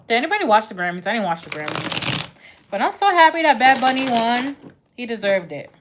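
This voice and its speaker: A woman's voice: on the high side, big pitch swings, brisk, background noise. A woman giving a casual live-stream tarot reading, chatty and full of "like" and "right?", who says her accent is thick. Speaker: tarot reader.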